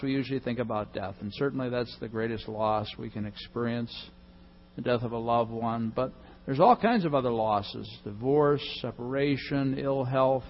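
A male pastor giving a sermon, swinging between loud emphasis and soft, hushed reading. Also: mid-range voice, muffled recording.

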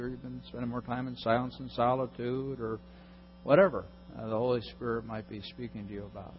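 A man's voice: medium pitch, level tone, a little fast, highs cut off, slight background noise. A man hosting a church service, casually inviting the congregation to share, joking now and then, speaking into a handheld mic.

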